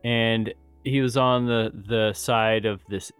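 A man's voice: mid-range voice, fairly even intonation, slow, fairly bright tone, clean tone, faint music behind. A man in casual podcast chat, laid-back and joking, swearing freely as he tells stories.

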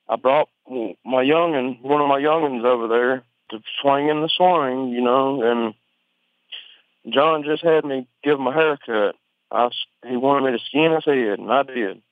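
A man's voice: medium pitch, no room sound. Southern man on a tinny phone line. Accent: Southern US (Alabama). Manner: rambling, informal, profane, halting restarts. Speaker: interviewee on a phone call. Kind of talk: conversational storytelling.

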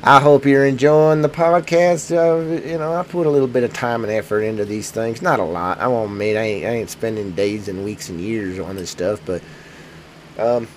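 A man's voice: mid-range voice, moderate pace, slight background noise. A man with a cold hosting a podcast in a loose, rambling, joking way, full of self-mocking asides. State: sick with a cold. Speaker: podcast host. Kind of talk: casual rambling podcast chat.

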